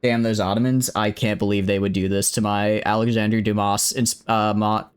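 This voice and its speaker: A man's voice: fairly low pitch, little pitch movement, moderate pace, smooth. A man streaming a strategy game live, chatting casually with his viewers, rambling and poking fun at himself as he greets people in chat by name. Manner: rambling, self-deprecating, frequent restarts and fillers.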